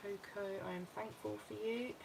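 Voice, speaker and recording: A woman's voice: mid-range voice, fairly even intonation, moderate pace, creaky, heavy background noise. A British woman talking through her scrapbooking as she works, chatting and thinking aloud. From United Kingdom. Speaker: craft vlogger. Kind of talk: casual crafting walkthrough.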